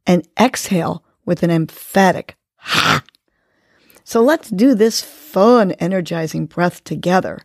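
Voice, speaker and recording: A woman's voice: medium pitch, a little mellow, dry recording, clean studio sound. A woman hosting a podcast, guiding a breathing exercise and giving encouraging, coaching words. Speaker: podcast host. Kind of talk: guided breathing and motivational talk.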